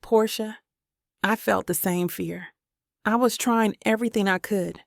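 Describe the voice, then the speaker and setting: A woman narrator voicing a tender, apologetic young husband in an audiobook, speaking softly and sincerely. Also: medium pitch, fairly even intonation, a little slow, creaky, no echo, clean studio sound. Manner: soft, sincere, pleading. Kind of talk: audiobook character voice.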